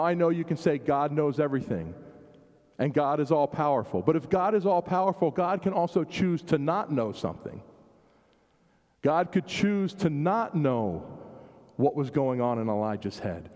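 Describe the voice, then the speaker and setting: A male pastor delivers a sermon in a slightly high but mellow voice. He speaks reflectively and plays with emphasis as he voices questions aloud. The sound carries a long reverb, as in a church sanctuary. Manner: reflective, varies emphasis, acts out quoted questions.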